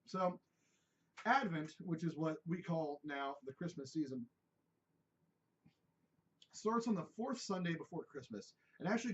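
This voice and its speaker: A man hosting a podcast in casual chat, joking, swearing, and drifting off topic. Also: a little high. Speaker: podcast host. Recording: dull lo-fi podcast audio.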